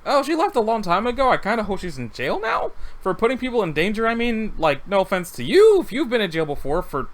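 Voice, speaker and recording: A nervous young rat-person adventurer who stumbles and restarts mid-sentence, voiced by a man reading a text game aloud. The pitch sits high and swings widely. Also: wildly swooping pitch, fast talker, few pauses, heavily acted. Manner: hesitant, stammering, chatty.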